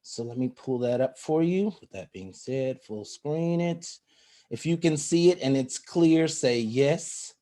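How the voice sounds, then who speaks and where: Man leading a slow rhythmic warm-up. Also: medium pitch, animated. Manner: rhythmic counting and chanting, switching between English and Spanish. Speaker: workshop facilitator. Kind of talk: guided warm-up and call-and-response on a video call. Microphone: video call.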